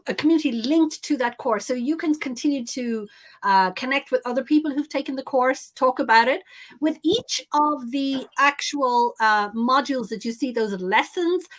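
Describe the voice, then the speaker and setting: A woman guest in a live interview, talking briskly and enthusiastically to listeners about an online course. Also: high-pitched, fairly bright tone. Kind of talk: upbeat promotional chat in a live interview.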